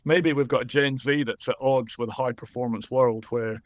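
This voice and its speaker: A middle-aged man from Scotland with a Scottish accent softened by years abroad, speaking earnestly as a guest and repeating words for emphasis. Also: mid-range voice, fairly even intonation, normal speed. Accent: Scottish, softened by years in New Zealand. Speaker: rugby writer, guest. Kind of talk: casual chat.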